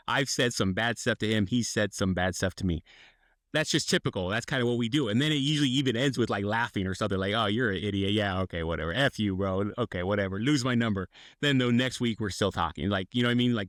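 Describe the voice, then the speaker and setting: A podcast co-host rambles through a long story in casual conversation, acting out the quotes as he goes. His voice is on the low side and a bit bright, captured in a dry, studio-quality recording.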